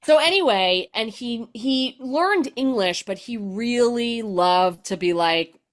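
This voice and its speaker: A middle-aged woman, a comedian guest, explaining and telling stories in an animated way, full of "like". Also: fairly high pitch, slow pace. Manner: animated, explanatory, filler-heavy with "like". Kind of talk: conversational storytelling.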